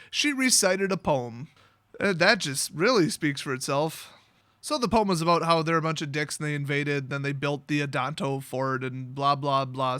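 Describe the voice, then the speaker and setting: A man's voice: on the high side, sharp tone, no room sound. A man retelling a story for comedy in a sarcastic, mocking way. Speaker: YouTube storyteller.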